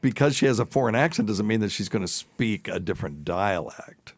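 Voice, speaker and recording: A man's voice: fairly low pitch, animated, a little fast, no room sound. A male doctor hosting a podcast, chatting casually with fillers and frequent laughter. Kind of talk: casual chat.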